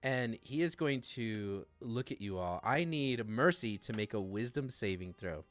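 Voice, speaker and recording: A man's voice: lowish voice, lively intonation, a little slow, no echo. A man running a streamed tabletop game as game master, laughing often and trying to keep his players in order.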